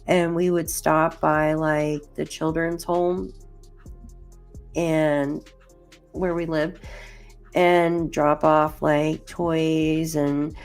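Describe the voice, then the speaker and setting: A woman hosting a casual true crime livestream, rambling chattily with lots of "like" as she talks to viewers by name and reads through case documents. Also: low-pitched. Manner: chatty and rambling, heavy use of "like"; addresses chat viewers by name.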